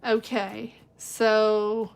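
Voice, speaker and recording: A woman's voice: mid-range voice, little pitch movement, extremely slow, creaky. A woman giving a live-stream tarot reading, chatty and reassuring, thinking aloud with lots of fillers. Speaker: tarot reader.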